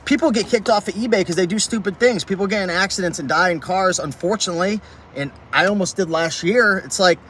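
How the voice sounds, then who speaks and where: With faint traffic noise audible inside his vehicle, a fired-up reselling YouTuber rants to camera about reselling, filling his speech with "like." He speaks in a sharp tone, his pitch a little high.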